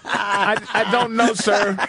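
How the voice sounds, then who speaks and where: A man's voice: high-pitched, flat delivery, slow pace, over a noisy crowd. A man co-hosting a radio talk show, asking questions with teasing, laughing banter. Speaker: co-host.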